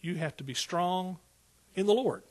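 A man preaching a sermon, talking directly to the congregation, building to loud emphatic peaks and then dropping back to a conversational tone. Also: sits high, normal speed. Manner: rises to emphatic exclaiming peaks; Southern "y'all" speech.

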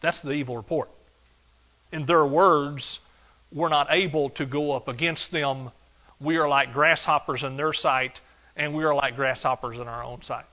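A man preaching a sermon, animated and joking, acting out excuses in a higher voice. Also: moderate pace. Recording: dull lo-fi sound.

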